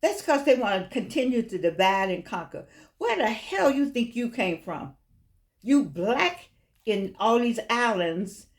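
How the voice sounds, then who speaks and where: A woman's voice: fairly high pitch, sing-song, measured pace. An older woman, giving an impassioned, preachy vlog monologue and repeating phrases for stress. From United States. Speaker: vlogger.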